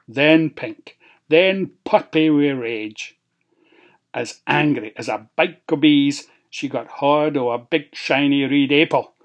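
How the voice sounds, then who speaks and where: A storyteller with a Scots accent, reading a fairy tale aloud with lively expression. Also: medium pitch. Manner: expressive, lilting, slow.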